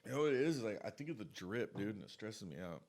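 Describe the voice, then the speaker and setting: A man's voice: fairly low pitch, lively intonation, fast, darkish tone. Man, casual monologue storyteller, profane and rambling, lots of asides.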